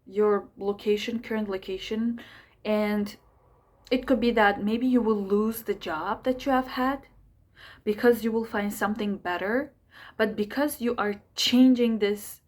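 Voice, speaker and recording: A woman's voice: mid-range voice, darkish tone. Chatty woman astrologer, rambling. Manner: chatty, rambling, many fillers and asides. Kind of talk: casual forecast talk to camera.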